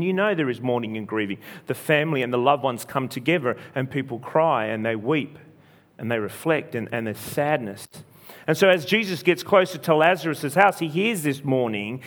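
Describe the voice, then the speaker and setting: A man's voice: mid-range voice, expressive, moderate pace. A man preacher retelling a story in a sermon, speaking earnestly, repeating phrases and restarting often. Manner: earnest, repetitive, frequent restarts.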